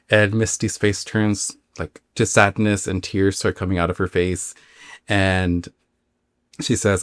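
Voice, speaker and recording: A man with a low voice hosts a spooky podcast, retelling a listener's dream story in a loose, chatty way. He rambles and leans on fillers, and the recording is close and dry. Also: level tone, unhurried, dry recording. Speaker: podcast host.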